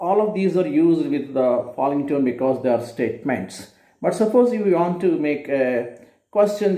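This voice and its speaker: Non-native english teacher guy explaining intonation, kinda high mellow voice, lots of uh's, roomy echo. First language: not English. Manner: earnest, unhurried, many "uh" fillers and self-corrections.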